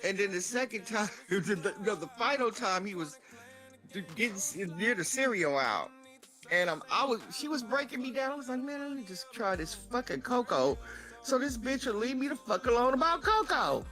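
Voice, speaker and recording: A woman casually telling an animated, profane story. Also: a little high, normal speed, faint music behind.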